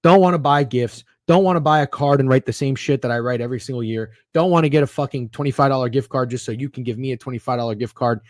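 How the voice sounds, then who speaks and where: A man's voice: medium pitch, fast talker, few pauses, darkish tone, no echo, studio quality. A man in his thirties hosting a sports betting podcast, chatting casually in a rambling, opinionated and profane way while reading live comments.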